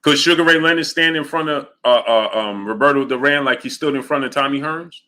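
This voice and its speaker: Male livestream host, bright voice at mid pitch, emphatic and argumentative, reads out chat messages. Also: a little fast. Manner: emphatic, argumentative, repeats his points. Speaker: boxing show host. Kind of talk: livestream commentary reading viewer chat.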